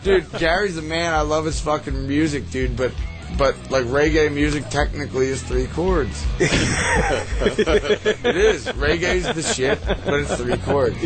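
A man's voice: fairly high pitch, unhurried. A man in casual chat, telling rambling stories full of swearing and "dude". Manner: rambling, profane, says "dude" constantly. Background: music.

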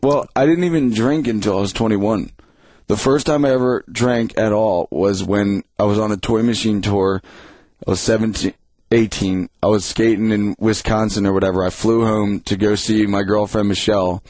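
A young man with a fairly low voice chats casually, spilling rambling stories full of swearing. The sound is dry and close, with no room around him. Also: steady tone, moderate pace, a little mellow, dry recording. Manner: profane, rambling storyteller. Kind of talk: casual chat.

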